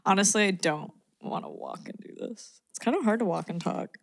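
A woman's voice: mid-range voice, a little fast, vocal fry. A young woman co-hosting a podcast in casual chat, bubbly and teasing, on a corded studio mic. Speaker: podcast co-host. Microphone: studio microphone on a cord.

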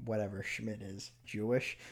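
A young man hosting a casual podcast chat with friends, talking in an animated, laughing and defensive way. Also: on the low side, moderate pace. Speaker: podcast host.

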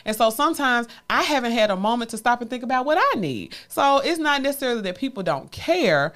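A woman's voice: fairly high pitch, big pitch swings, fairly quick, fairly bright tone. A woman co-hosting a casual chat podcast, talking candidly and animatedly and laughing often. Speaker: podcast co-host.

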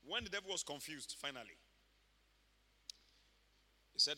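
A man preaching a sermon as a pastor, animated and emphatic, often shouting. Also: fairly high pitch, unhurried. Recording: reverberant church hall.

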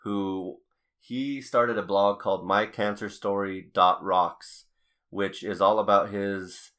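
Deep-voiced young male podcast host; rambling, halting, casual. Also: fairly even intonation, bright, forceful tone. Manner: rambling, halting with many restarts and fillers.

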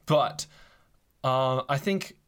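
A young man in his twenties hosts a casual podcast. He talks in a relaxed, playful way. His voice sits at a middle pitch. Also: extremely slow, clean tone. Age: 20s. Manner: playful, reading scripture aloud. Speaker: podcast host.

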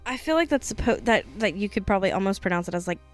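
A woman's voice: medium pitch, lively intonation, rapid-fire, faint music behind. A woman co-hosting a podcast, tired and giggly, chatting casually and stumbling over names as she reads history. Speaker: podcast co-host. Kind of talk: casual chat and reading history. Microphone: close studio mic.

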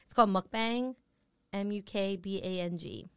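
A woman chatting on a podcast, a little tipsy and giggling as she goes. She trails off mid-sentence and talks in a medium-pitched voice. The sound is dry and close on the mic. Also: normal speed, a bit bright, smooth, no room sound. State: tipsy from drinking. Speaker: comedian guest. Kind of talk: casual podcast chat.

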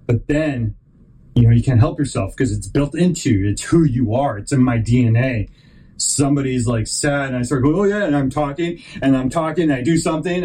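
A medium-pitched man hosts his own podcast, rambling animatedly through a personal story. He keeps restarting sentences and raises his voice to act out the people he quotes. It's a low-quality recording with a little hiss or hum.

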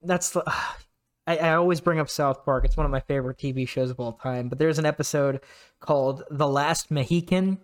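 A young man with a slightly high voice chats casually on a podcast. He is animated and laughs easily, and drifts off on stories mid-thought. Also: normal speed. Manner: animated, laughs often, bursts into shouted announcer impressions. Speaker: podcast co-host. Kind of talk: casual chat.

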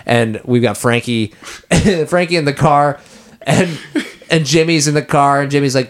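A man's voice: medium pitch, a little slow. Rambling man recapping a film. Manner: rambling, acts out quoted lines. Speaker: podcast co-host. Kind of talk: casual movie recap.

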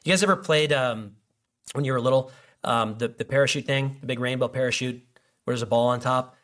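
A man's voice: mid-range voice, brisk, a bit bright. A man preaching a sermon in a loose, conversational way, with many restarts and fillers. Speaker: pastor.

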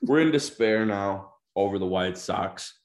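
A man's voice: fairly low pitch, animated, measured pace. A young man hosting a casual sports podcast, laid-back and hesitant, steering the talk with questions. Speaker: podcast host.

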